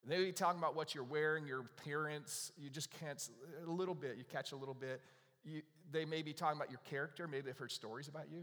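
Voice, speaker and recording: A man's voice: on the high side, quick pace. Conversational man preaching in a reverberant hall. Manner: conversational, lively storytelling with asides and laughs. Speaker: pastor. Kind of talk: sermon. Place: church sanctuary.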